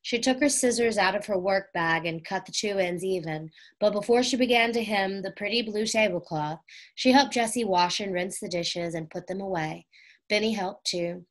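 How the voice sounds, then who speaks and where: A woman reading a children's chapter book aloud in a gentle, unhurried way. Her voice sits at an ordinary middle pitch, calm and clear for young listeners. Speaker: audiobook reader.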